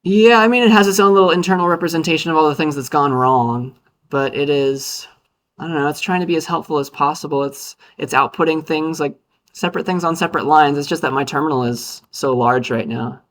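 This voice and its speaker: A man's voice: a little high, a little fast, fairly bright tone. A male university lecturer giving a casual, upbeat classroom lecture with playful asides.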